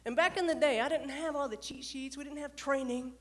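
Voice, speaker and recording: A woman who coaches leaders gives a lively motivational talk to a live audience. She asks the crowd questions and tells stories from her days as an emergency dispatcher. Her voice sits a little high. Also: brisk.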